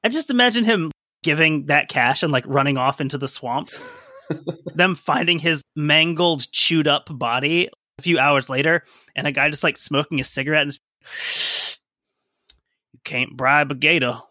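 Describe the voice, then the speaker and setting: A man with a higher, bright and forceful voice chimes in on a podcast with chatty, joking comments. His sound is close and dry, with no room around it. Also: normal speed, no room sound. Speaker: podcast co-host. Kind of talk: casual podcast chat.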